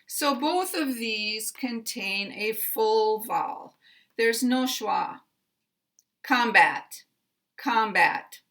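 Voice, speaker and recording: A middle-aged American woman teaching pronunciation, speaking deliberately and carefully enunciating, repeating each example word. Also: a little high. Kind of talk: slow instructional explanation.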